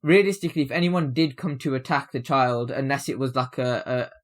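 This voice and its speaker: A man's voice: medium pitch, fairly even intonation, fairly quick. A man co-hosting a casual review chat, rambling with many fillers and restarts. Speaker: review show co-host.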